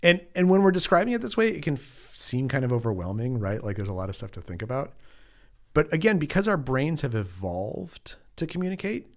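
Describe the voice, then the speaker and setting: A middle-aged man, an author being interviewed, telling a story in an animated, chatty way with lots of casual fillers. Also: mid-range voice, a little fast. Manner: animated storyteller, acts out quotes, frequent "like" fillers. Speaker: author and journalist guest.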